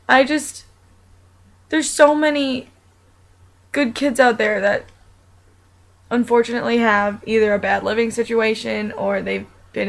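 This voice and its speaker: Chatty young woman, slightly high voice. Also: vocal fry, rough recording. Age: young adult. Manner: rambling and chatty, with many fillers and restarts. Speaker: vlogger. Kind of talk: casual personal monologue.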